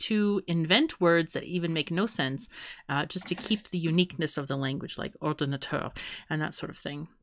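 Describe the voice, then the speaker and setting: A woman's voice: low-pitched, moderate pace, a little hiss or hum. A woman co-hosting a podcast in playful casual chat, rambling through guesses and laughing often. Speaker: podcast co-host.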